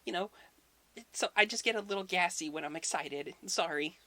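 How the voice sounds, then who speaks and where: High simpering bride voice. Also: male voice, moderate pace, pushed and bright, dry recording, exaggerated voice. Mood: coy. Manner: high simpering falsetto, coy. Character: hulking male god faking a dainty bride's voice.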